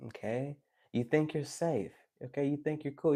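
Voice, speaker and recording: A man's voice: fairly high pitch, normal speed. A man giving a tarot live stream, talking casually and animatedly to his chat, preachy and joking. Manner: animated, preachy and joking, with teasing asides to viewers.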